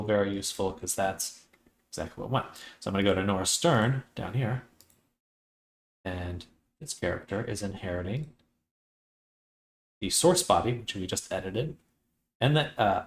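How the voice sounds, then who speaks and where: Low-voiced man thinking aloud on a stream. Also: reverberant. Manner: relaxed, thinking aloud with many fillers. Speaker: 3D artist and streamer. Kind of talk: casual screen-share tutorial.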